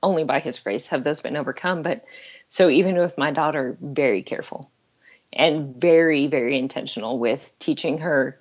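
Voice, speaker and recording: A woman's voice: sits low, normal speed, lo-fi sound. A middle-aged woman talking earnestly and candidly as a guest on an interview podcast, laughing now and then. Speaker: life coach guest.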